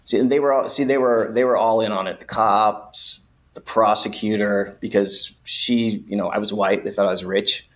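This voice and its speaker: Low-voiced man telling a story. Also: normal speed. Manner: animated, profane, acts out voices. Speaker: guest. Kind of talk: casual storytelling.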